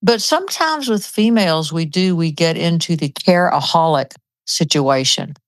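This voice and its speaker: A woman's voice: on the low side, expressive, normal speed, no room sound. A woman in her seventies chatting casually as host, telling stories and acting out what people said. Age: 70s. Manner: chatty storyteller, acts out quotes. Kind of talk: casual chat.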